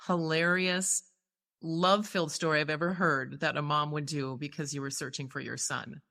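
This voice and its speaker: A woman's voice: low-pitched, steady tone, normal speed, creaky, pushed and bright. A woman hosting an interview podcast, reacting with emotion and effusive praise as she talks with her guest. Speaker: podcast host. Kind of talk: interview conversation.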